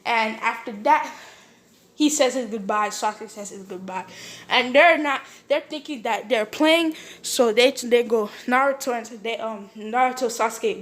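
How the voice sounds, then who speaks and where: A young woman casually retelling a fan-made story, rambling with many fillers and slipping into quick character voices. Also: a little high, fairly bright tone.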